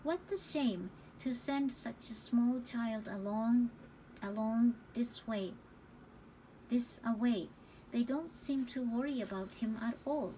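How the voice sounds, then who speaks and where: A woman voicing a kindly but sharp-tongued old grandmother who fusses and scolds gently. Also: a little high, slow pace, a little hiss or hum, poor audio. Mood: indignant.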